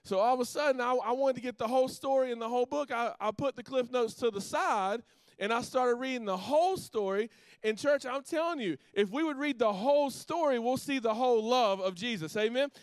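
Middle-aged guy pastor telling a sermon story, stumbles n restarts a lot, clean voice, pretty high. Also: a little fast, clear, resonant tone, no room sound. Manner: lively storytelling with many restarts and asides to the congregation.

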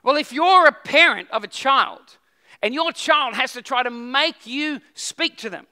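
A man's voice: extremely high pitch, unhurried, bright, forceful tone, clear, resonant tone. A man preaching a sermon as pastor, talking conversationally with frequent restarts and questions to the congregation.

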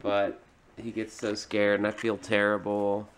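A man filming a casual home vlog, chuckling and gently soothing his frightened dog. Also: fairly low pitch, monotone, unhurried, slight background noise. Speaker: vlogger. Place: home indoors.

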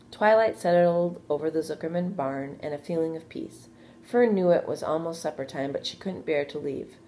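A woman teacher reading a children's storybook aloud, steady and expressive. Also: deep voice, a little hiss or hum.

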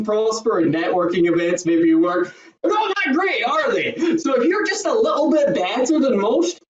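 Guy with a high voice talking up public speaking tips, kinda far from the mic, dull sound. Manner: energetic, emphatic, coaching tone. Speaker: presentation skills trainer, guest. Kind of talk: podcast interview answers. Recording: roomy, distant, dull remote audio.

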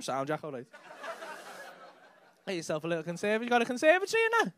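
A man's voice: high-pitched, huge pitch swings, rapid-fire, long pauses, a bit bright, a little hiss or hum. A man doing stand-up, bantering with the crowd in a brash, sweary way on a comedy club stage. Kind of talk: crowd work.

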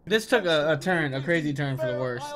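A young man streaming a video game, reacting with excitable, profane commentary and talking back at the screen. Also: on the high side, brisk. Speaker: gaming streamer. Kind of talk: casual live-stream gameplay commentary. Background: game music.

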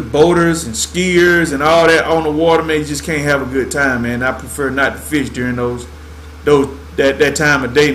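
A laid-back man from Georgia chats loosely on a fishing livestream, his voice sitting a little high for a man. He drawls along and keeps dropping "man" at the end of his sentences. A faint hiss of noise runs underneath. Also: a bit bright. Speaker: fishing show host. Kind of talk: casual livestream chat.

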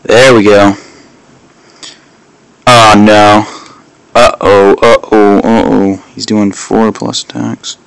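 A man's voice: lowish voice, flat delivery, takes it slowly, vocal fry, pauses often, clear, resonant tone. A man crudely commenting to himself, with plenty of swearing, while playing a mobile game. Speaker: gamer.

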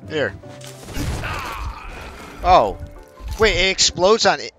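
A man's voice: sits high, slow. A young man narrates his gameplay in a casual, profane stream of reactions. His voice rises and falls a lot, and game music plays underneath. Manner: profane, animated, reacting aloud. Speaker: gaming streamer.

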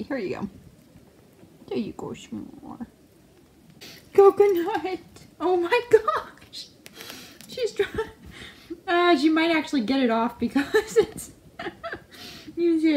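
A woman with a high, bouncy voice narrates her pet rats at home in a playful vlog. She laughs often and scolds them fondly. Her pitch swings widely, and a faint hiss sits under the recording. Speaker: pet rat owner and channel host. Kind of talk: casual pet vlog commentary.

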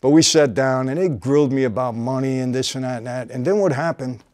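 A man, hosting and telling a personal story in casual conversation, often dropping to a low quiet voice at the tense moments. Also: fairly quick, no room sound, studio quality.

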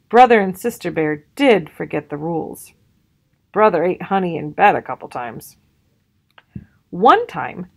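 A woman reading a children's picture book aloud, expressive and lively in her pitch. She takes her time, and her voice has a gravelly edge. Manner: expressive, storytelling. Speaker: storybook reader. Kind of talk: children's read-aloud narration.

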